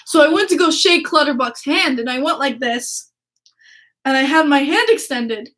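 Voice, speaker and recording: High-voiced excitable woman podcaster. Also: moderate pace. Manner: excitable, gushing, laughs a lot, swears freely. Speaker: podcast host. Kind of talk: casual storytelling chat.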